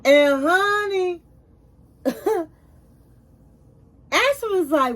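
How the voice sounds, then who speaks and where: High-voiced chatty woman recapping a show. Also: animated, slow. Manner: chatty storytelling, acts out quotes, calls viewers honey; emphatic repetition when reacting. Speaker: reality TV recap vlogger. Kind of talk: casual episode recap.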